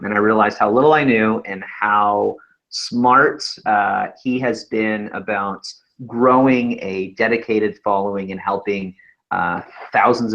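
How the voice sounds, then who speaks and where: A man in his thirties co-hosting a webinar in casual chat, telling animated stories with frequent laughs. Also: fairly low pitch. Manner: animated storytelling, laughs often. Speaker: webinar co-host, author. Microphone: video call. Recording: slightly dull lo-fi sound.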